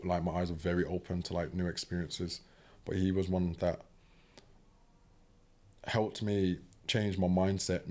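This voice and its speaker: A young British man telling a personal story casually and animatedly, often asking "do you know what I mean". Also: low voice. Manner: animated, acts out quoted voices. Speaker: podcast guest.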